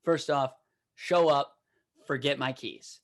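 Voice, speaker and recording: A young man co-hosting a podcast, telling a story in profane, animated casual chat and shouting out quoted lines. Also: mid-range voice, takes it slowly. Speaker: podcast co-host.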